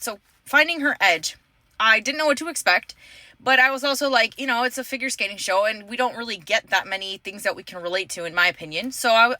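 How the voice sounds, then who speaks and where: A woman's voice: mid-range voice, sharp tone, no room sound. A woman in her thirties from the Houston area, chatting casually to camera in a rambling, self-correcting way. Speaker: vlogger.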